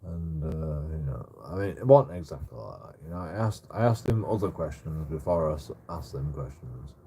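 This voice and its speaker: A man's voice: very deep voice, lively intonation, moderate pace, warm tone, husky. A man telling a rambling story in casual chat, stammering over repeated words and swearing a lot. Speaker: streamer. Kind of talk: casual anecdote.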